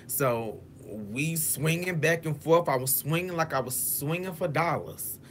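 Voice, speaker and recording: A man's voice: a little high, unhurried, hardly any pauses, a little hiss or hum. A man telling a story to his viewers, cursing freely and acting out what each person said. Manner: profane, dramatic, addresses viewers as y'all; acts out quotes in shifting voices. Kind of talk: animated storytime vlog.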